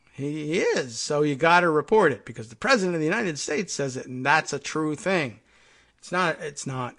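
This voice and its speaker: A man's voice: fairly high pitch, fairly bright tone. A middle-aged man hosting a political commentary podcast, talking in a sarcastic, exasperated way. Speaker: host.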